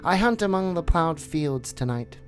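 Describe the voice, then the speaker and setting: A man voicing an earnest, quick-tempered boy raised by wolves in a storybook reading. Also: a little high, animated, over music, pitched above the performer's own voice, lightly acted. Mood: urgent. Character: young boy raised by wolves, eager and bold.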